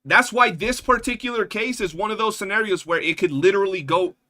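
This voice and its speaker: Slangy New streamer guy, bright voice. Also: sits high, brisk. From New York. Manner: loose, profane, slangy, keeps saying bro. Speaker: livestreamer. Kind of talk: casual chat with viewers.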